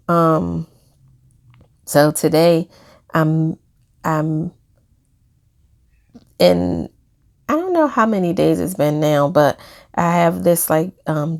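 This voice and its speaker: A woman's voice: on the low side, vocal fry. A woman sharing a reflective personal video diary, hesitant, with many fillers and small laughs. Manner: soft-spoken, hesitant, many fillers, laughs while talking about pain. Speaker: vlogger.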